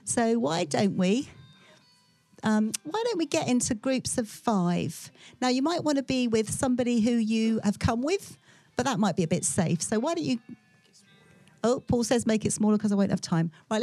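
Woman running a group exercise, brisk and friendly, dry close sound. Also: fairly high pitch, animated, mellow, no room sound, faint music behind. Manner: brisk, friendly, laughing asides. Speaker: workshop leader. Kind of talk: giving group instructions.

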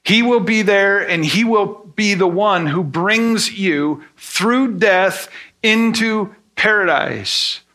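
A man with a high, bright voice preaches at an unhurried pace. He teaches earnestly, leaning on everyday examples and rhetorical questions to make his points. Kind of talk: sermon teaching.

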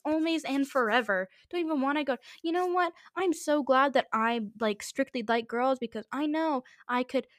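Woman podcast host, higher voice, dry close sound, rambling and chatty with lots of fillers. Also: dry recording. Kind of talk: casual rambling podcast monologue.

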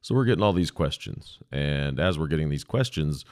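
Man, podcast host, extremely deep voice, casual storytelling, profane, dry close sound. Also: lively intonation, normal speed, dry recording. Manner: candid, profane, conversational. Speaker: podcast host, former 911 dispatcher.

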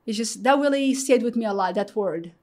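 A woman's voice: on the high side, fairly quick. Moroccan-born woman telling her story. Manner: animated, acts out quoted voices, fillers like "you know". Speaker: guest. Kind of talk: candid personal storytelling.

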